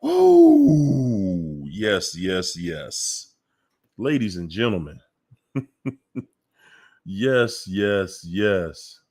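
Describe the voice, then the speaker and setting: A man's voice: low-pitched, extremely slow, long pauses. A man hosting a casual livestream call-in show, greeting viewers by name and laughing often. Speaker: livestream host. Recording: faint music behind.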